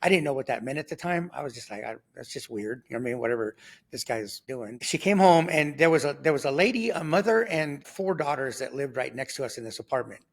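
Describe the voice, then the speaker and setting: A man in his sixties telling his life story in conversation, lively and rambling, with lots of fillers and sudden jumps in pitch when he acts out other people's voices. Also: quick pace. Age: 60s. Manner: loose and rambling, full of fillers and restarts. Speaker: guest sharing his testimony.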